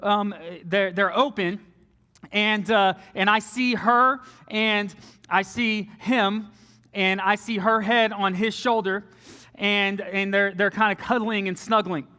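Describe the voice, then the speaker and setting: A young man with a high, bright, forceful voice tells a story in a sermon. He is animated and often slips into a low, soft tone for quoted lines. His voice carries a long reverb from a large hall. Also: slow pace, smooth.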